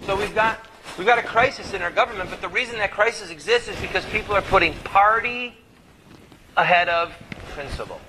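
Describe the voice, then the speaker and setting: Man with a fairly high voice, fervent activist speaker, hammering a crowd with rhetorical questions; noisy live recording. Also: a little fast. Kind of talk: impassioned speech to a live audience.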